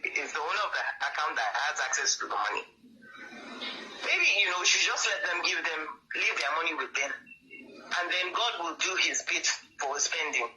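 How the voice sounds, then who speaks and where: A woman's voice: low-pitched, sharp tone, a little hiss or hum, rough recording. A woman calling in to a live show and giving earnest, preachy advice. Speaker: caller. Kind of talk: phone-in comment.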